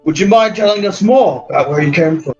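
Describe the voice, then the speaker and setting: A man's voice: sits high, expressive, fairly quick, darkish tone, slightly rough, lo-fi sound, faint music behind. A man taking part in a tabletop role-playing game, speaking partly in character. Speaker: player.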